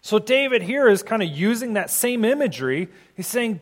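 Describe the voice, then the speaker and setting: A chaplain preaches in a loose, conversational way, now and then acting out the prayers he quotes. His voice sits high for a man. The sound rings out with a long hall reverb. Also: lively intonation, a little fast, few pauses. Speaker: hospital chaplain. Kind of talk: sermon.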